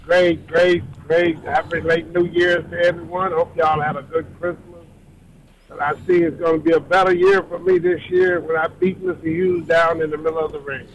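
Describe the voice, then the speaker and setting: A man's voice: on the high side, moderate pace, dull audio. A man calling in as a wrestler, cocky and trash-talking. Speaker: wrestler caller.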